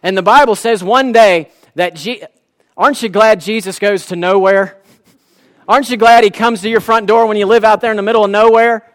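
A man's voice: high-pitched, steady tone, fairly quick. A man, preaching a sermon in a folksy, impassioned way. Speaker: pastor.

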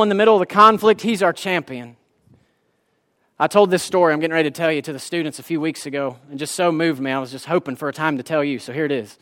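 Pastor, male, 30s, fairly high voice, impassioned and folksy from the pulpit. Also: brisk, a bit bright. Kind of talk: sermon.

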